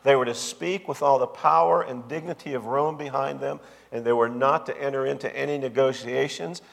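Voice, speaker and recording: A man's voice: medium pitch, brisk, creaky. A man preaching a sermon as pastor, with an emphatic, repetitive cadence. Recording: long hall reverb.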